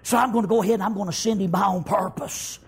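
A man preaching a testimony with fervent, folksy storytelling. His voice sits very high for a man and has a husky edge. He punctuates nearly every thought with "amen" and swells into shouted praise. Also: steady tone, fast. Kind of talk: testimony sermon.

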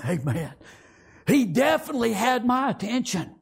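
High gravelly man, husky, impassioned preacher, folksy grammar, loud to hushed. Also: very animated, moderate pace. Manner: impassioned, swings from loud pleading to hushed tones. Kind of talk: emotional sermon storytelling.

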